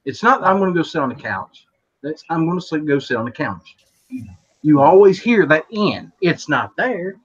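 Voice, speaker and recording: A husky-voiced man with a thick West Virginian accent, pitched a bit high, chatting casually as host. He tells folksy stories and often repeats his words. The audio is dull and lo-fi. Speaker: podcast host. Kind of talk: casual chat.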